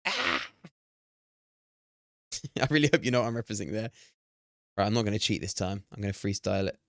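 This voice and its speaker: A young man streaming a game, talking excitedly, swearing and laughing at himself. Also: lowish voice, a little fast, no echo, studio quality. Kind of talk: live-stream gameplay commentary.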